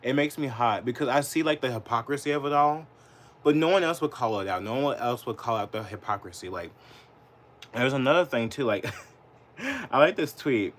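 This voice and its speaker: A man's voice: medium pitch, animated, moderate pace, fairly bright tone. A man doing live political commentary, rambling, profane and full of "like", getting heated and indignant. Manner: profane, rambling, heavy use of "like". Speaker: political livestreamer.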